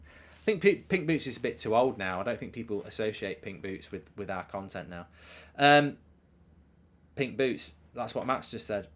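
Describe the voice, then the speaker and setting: A man's voice: fairly low pitch, lively intonation, moderate pace. Rambling man hosting a football watchalong. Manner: rambling, self-mocking, riffs on ideas and reads out viewer messages. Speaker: host of a live football watchalong stream. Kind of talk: casual live commentary and chat reading.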